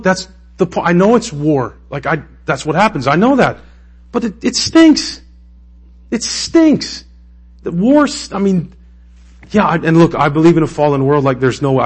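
A man preaching a sermon in a conversational, emotional way that rises to impassioned peaks. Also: mid-range voice. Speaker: pastor.

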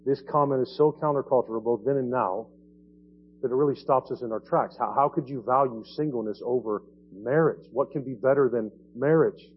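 A man's voice: medium pitch, fairly quick, highs cut off, a little hiss or hum. A man preaching a sermon in a conversational way, often asking his listeners "right?" as he explains the passage. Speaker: pastor. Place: church sanctuary.

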